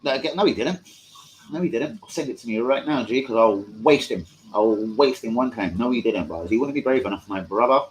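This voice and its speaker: A man's voice: mid-range voice, expressive, a little fast, a little hiss or hum, rough recording. A young man hosting a live fan stream, profane, combative and mocking as he talks to his chat. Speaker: fan channel host. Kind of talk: live-stream football rant.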